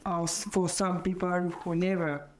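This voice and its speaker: A woman, an English learner, giving short halting answers in class. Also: lowish voice, little pitch movement, noisy background. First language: not English. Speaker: student. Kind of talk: classroom discussion.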